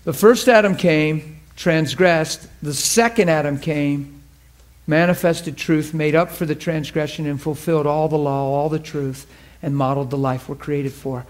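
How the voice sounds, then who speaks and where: Guy preaching hard, pretty high voice, keeps asking the room stuff. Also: fairly even intonation, measured pace. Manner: emphatic, fervent, asks the audience questions; laughs with the audience. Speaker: preacher teaching a class. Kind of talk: sermon.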